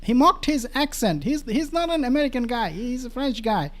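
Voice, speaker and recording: Animated, mocking male commentator. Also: very high voice, normal speed. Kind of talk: political commentary.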